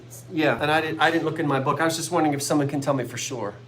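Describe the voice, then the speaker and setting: A woman from South Jersey with a South Jersey accent, hosting a live online sale and telling stories in a casual, animated way. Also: sits low, rapid-fire, a little hiss or hum. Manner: chatty storyteller, animated, laughs easily.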